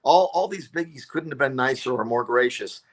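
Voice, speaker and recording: A man, a comedian and radio show regular, telling stories as a guest in a casual interview, animated and full of fillers and restarts. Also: medium pitch, moderate pace.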